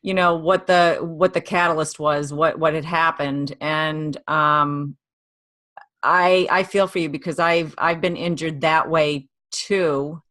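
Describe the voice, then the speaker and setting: A woman's voice: low voice, steady tone, takes it slowly, fairly bright tone, no room sound. A woman podcast host in a casual interview chat, talking in a sympathetic, conversational way.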